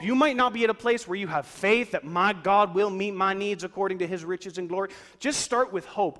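A man preaching a sermon, swinging between loud emphatic lines and soft, low asides. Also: fairly quick, few pauses, long reverb tail. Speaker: pastor.

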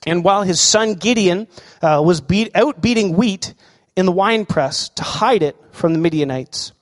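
A man with a high voice preaches a lively sermon, asking the congregation questions. His voice rings out with a long reverb in a large hall. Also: normal speed. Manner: animated preaching, asks the crowd questions. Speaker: pastor.

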